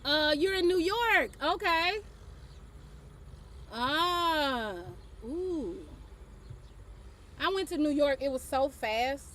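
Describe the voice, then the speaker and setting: A woman's voice: high-pitched, animated, drawn-out words, long pauses, fairly bright tone, a little hiss or hum. A middle-aged woman hosting her own show, telling a casual story, laughing often and swearing offhandedly. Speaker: host.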